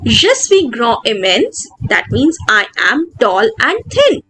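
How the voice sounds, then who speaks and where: A woman, patiently explaining a textbook lesson as a French teacher and slowing down to pronounce each word. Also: fairly high pitch, big pitch swings, a bit bright, breathy edge, soft background music, rough recording. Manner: patient, slows down to pronounce words.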